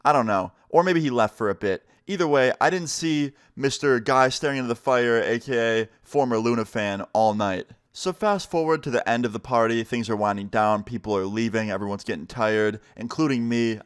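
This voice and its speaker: A man's voice: medium pitch, fairly quick, hardly any pauses, clear, resonant tone, dry recording, clean studio sound. A young man from New York telling a personal story casually on camera, full of slang and quoted dialogue. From United States, New York. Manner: relaxed, slangy, acts out quotes in his own voice.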